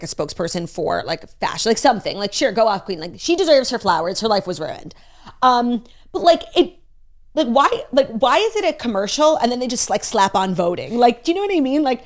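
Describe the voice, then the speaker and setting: A woman co-hosting a podcast in casual chat, gushing and opinionated, swearing freely. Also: mid-range voice. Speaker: podcast co-host.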